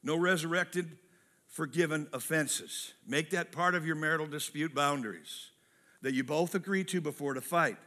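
A male pastor delivers a sermon in a high, bright, forceful voice. He is lively and humorous, slipping into character voices for quotes and hammering key phrases by repeating them. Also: normal speed.

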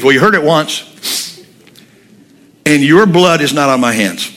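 A man's voice: a little high, lively intonation, normal speed, pauses often, fairly bright tone. A man preaching a sermon, telling humorous stories and speaking bluntly and with animation. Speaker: pastor.

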